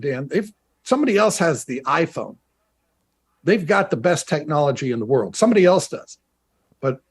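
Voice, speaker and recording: Man, former pro player, broadcaster guest, video call, storytelling, slightly high voice. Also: breathy edge. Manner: storytelling, animated, quick asides. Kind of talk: casual interview chat.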